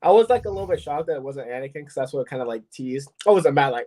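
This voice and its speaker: A man's voice: medium pitch, expressive, rapid-fire, warm tone. A man co-hosting a fan podcast, laid-back and chatty, retelling scenes with many fillers. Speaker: podcast co-host. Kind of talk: casual podcast chat.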